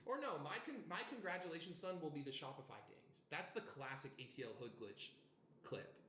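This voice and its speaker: A man's voice: fairly high pitch, a little fast, sharp tone. A young man vlogging about his clothing brand in a rambling, joking way, with plenty of swearing. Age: young adult. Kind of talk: casual vlog chat. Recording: roomy with faint background noise.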